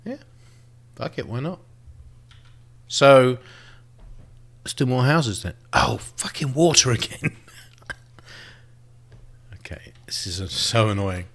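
A man's voice: medium pitch, very animated, slow, pauses often, a bit bright. A man giving casual gameplay commentary, thinking aloud and swearing freely as he plays. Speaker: let's play host.

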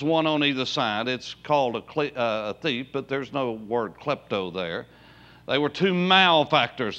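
A man preaching a sermon as pastor, with emphatic rises and slow drawn-out words. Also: a little high, fairly bright tone, dull audio. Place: church sanctuary.

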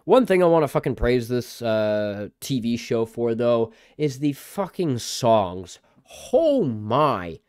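A man's voice: mid-range voice, very animated, slow pace, darkish tone, clean tone, dry recording, studio quality. Foul-mouthed sarcastic male reviewer. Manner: swears constantly, sarcastic. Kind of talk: profanity-laden mock rant.

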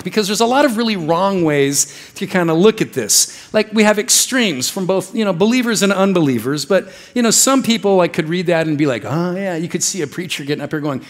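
A man's voice: high voice, animated, a little fast. A young man preaching a casual, joking sermon in a church, acting out little voices as he goes. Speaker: pastor.

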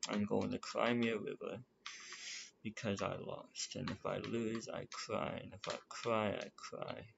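A man's voice: fairly low pitch, steady tone, a little slow, creaky. A man giving nervous, rambling, profane commentary while playing a strategy game. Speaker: gamer. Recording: lo-fi with loud background noise. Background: keyboard clicks and typing.

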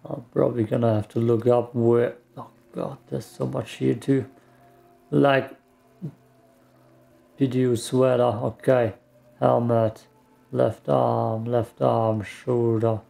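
Slow, gravelly man commenting on gameplay. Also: medium pitch, flat delivery, mellow, soft background music. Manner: muttering to himself, mild swearing. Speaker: gaming streamer.

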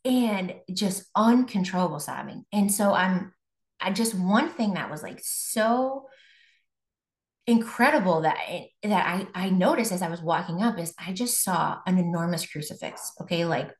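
A young woman shares her faith testimony as a guest, chatty, with fillers and restarts. Her voice sits a little low for a woman. The recording carries a roomy echo. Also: lively intonation, moderate pace. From Buffalo, New York. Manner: conversational, many fillers and restarts.

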